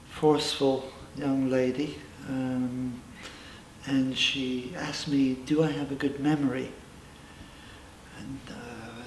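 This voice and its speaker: A man's voice: mid-range voice, a little hiss or hum. A middle-aged man giving a personal account in an interview. He is reflective, with emphatic asides. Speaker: interviewee, former member telling his story. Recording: roomy, from a distance, faint ambience.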